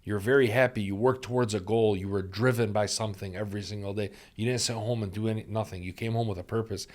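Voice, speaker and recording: A man with a low, deep voice speaks as a podcast guest, talking through life lessons in an earnest, reflective way. He leans on repeated phrases to drive a point home. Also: fairly even intonation, fast, a little mellow. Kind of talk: reflective conversational storytelling.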